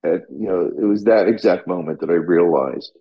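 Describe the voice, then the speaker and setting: A man's voice: sits low, normal speed, muffled recording. A middle-aged man, a firefighter and paramedic, tells his story in an interview in a raw, blunt way, swearing freely and restarting his sentences.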